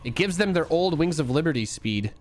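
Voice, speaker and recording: Excitable young man casting a game replay. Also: fairly high pitch, fairly quick, a little hiss or hum. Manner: excitable, joking, swings between hype and dry asides. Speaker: streamer and caster. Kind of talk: casual esports replay commentary.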